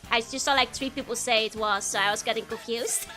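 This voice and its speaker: Giggly high-voiced woman streamer. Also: fairly even intonation, fairly quick, pushed and bright, soft background music. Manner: giggly, laughs often between remarks; chatty, greets viewers by name. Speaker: VTuber streamer. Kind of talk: casual let's-play commentary.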